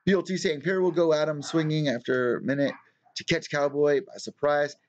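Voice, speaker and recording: Man, live stream host, casual commentary, profane, ranting, slightly high voice, dull lo-fi audio. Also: steady tone, brisk, a little mellow, slight background noise. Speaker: MMA news show host. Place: small studio apartment.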